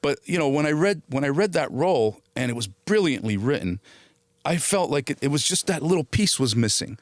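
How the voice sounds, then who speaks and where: A man's voice: on the high side, lively intonation, brisk, no room sound. A middle-aged man, an actor, telling stories in a casual interview. He acts out quoted dialogue as he goes, restarts often and swears casually.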